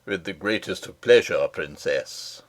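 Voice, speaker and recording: Storybook figure: gallant knight captain, lowered, bold and courtly as the reader puts him on. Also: male voice, lively intonation, unhurried. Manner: courtly and commanding.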